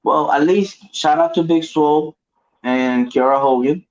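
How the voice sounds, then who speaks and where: A man's voice: fairly high pitch, a little slow. A man co-hosting a casual podcast, talking loosely with lots of slang and filler. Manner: loose and animated, heavy slang. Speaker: podcast co-host. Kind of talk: casual wrestling chat. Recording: dull lo-fi audio.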